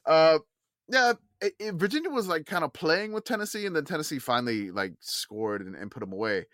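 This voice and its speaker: A man's voice: on the high side, animated, fairly quick, a bit bright, no echo, studio quality. Chatty man recapping college football. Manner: rambling, self-correcting, laughs often. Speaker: podcast co-host. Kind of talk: casual sports chat.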